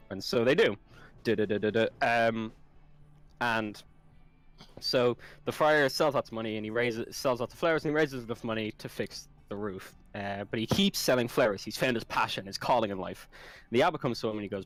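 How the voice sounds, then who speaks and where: Low male co-host, loose joke-teller who restarts his sentences, faint music under him. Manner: rambling, halting storyteller with restarts. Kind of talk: casual joke-telling among friends.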